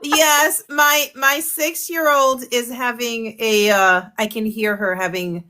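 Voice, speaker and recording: A woman's voice: on the high side, fairly even intonation, slow, bright, forceful tone. An American woman in her thirties who is running for office, speaking politely and a little hesitantly as a guest on a video call. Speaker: congressional candidate. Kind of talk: casual conversation.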